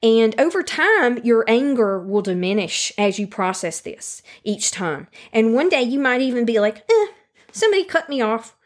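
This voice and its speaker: A woman giving a calm, earnest self-help talk that speaks directly to the listener and repeats key phrases for emphasis. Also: on the high side. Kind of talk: teaching monologue on handling anger.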